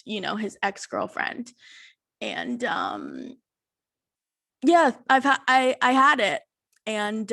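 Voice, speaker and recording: A young woman in her twenties talks straight into a close mic, and the sound is dry with no room around her. She tells her story in a blunt, exasperated way and swears freely. Her voice sits at an ordinary pitch for a woman. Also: fairly bright tone, dry recording. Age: 20s. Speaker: podcast host. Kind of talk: casual storytelling monologue.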